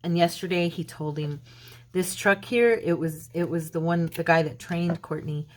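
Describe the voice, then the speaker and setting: A woman hosting a craft channel, telling a long story casually while she works, acting out the quoted lines in a brighter, higher voice. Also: steady tone, normal speed. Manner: chatty retelling, acting out quoted dialogue in a lifted voice; loose, rambling, with fillers and restarts. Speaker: mixed-media craft channel host.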